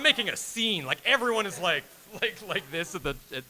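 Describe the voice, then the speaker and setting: A sing-song, fairly quick delivery with few pauses marks this thirty-something game director as he tells a long personal story on a convention panel. His bright, forward voice leaps in pitch to act out each quote, and he laughs as he talks. A faint hiss sits under the rough recording.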